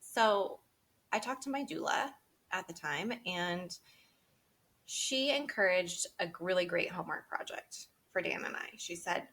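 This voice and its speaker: A woman's voice: fairly low pitch, lively intonation, unhurried, fairly bright tone. A woman in her thirties, a podcast interview guest, telling her personal story candidly and with feeling, laughing often and quoting what she and others said.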